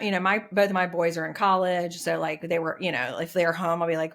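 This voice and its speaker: A middle-aged woman talks in a somewhat low voice. She shares caregiving stories easily, with plenty of fillers and ready agreement. Her tone is relaxed and conversational. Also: a little fast. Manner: easygoing, filler-heavy, agreeable. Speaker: family caregiver. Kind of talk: casual conversation.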